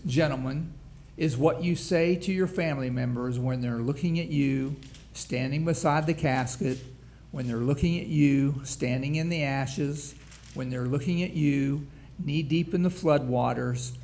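A man's voice: mid-range voice, measured pace, a little mellow, a little hiss or hum. A man pastor preaching a sermon, reading scripture aloud with rising emphasis and frequent restarts.

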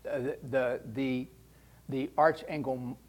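A man's voice: mid-range voice, steady tone, slow, darkish tone. A middle-aged man teaching scripture in a conversational sermon style, often repeating words as he searches for the phrase. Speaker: Bible teacher.

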